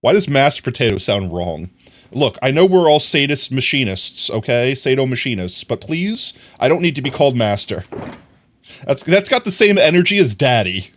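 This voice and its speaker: A man's voice: mid-range voice, sing-song, moderate pace. Young man muttering through a live stream. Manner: rambling, jokey, mutters to himself while crafting; teases and scolds chat playfully. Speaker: livestreamer. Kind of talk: casual live-stream chat while gaming.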